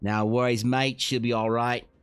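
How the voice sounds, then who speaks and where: A man's voice: mid-range voice, level tone, clear, resonant tone, faint music behind, close to an everyday voice. A man putting on a mock Australian accent as a cheerful bloke drawing out slang phrases. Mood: hammy. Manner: hammy, drawn-out slang phrases.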